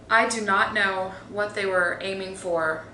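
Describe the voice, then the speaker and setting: Recorded on a phone in an echoey room with faint ambience and slight background noise, a woman gives an exasperated, opinionated movie review. She rambles, using lots of fillers and restarts, in a mid-range voice with a sharp tone.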